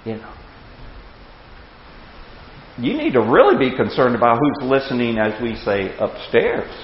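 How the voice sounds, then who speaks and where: A man in his sixties teaching a Bible class with anecdotes, animated, chuckling and repeating words as he starts sentences. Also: mid-range voice, a little slow, a little hiss or hum. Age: 60s. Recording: echoey hall, dull lo-fi sound.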